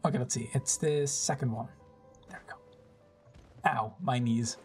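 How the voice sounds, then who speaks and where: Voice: medium pitch, steady tone, a little mellow, faint music behind. A young-adult streamer chatting with viewers over live gameplay, teasing them, laughing a lot and swearing casually. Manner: chatty, teasing and quick to react.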